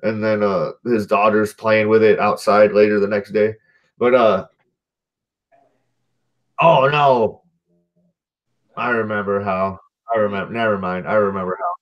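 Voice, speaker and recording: A podcast host casually recaps a movie in a loose, rambling, profanity-laced way, full of "dude" and "like," often circling back to correct himself. His fairly low voice is fairly even in intonation and a little slow, with long pauses. The audio sounds dull.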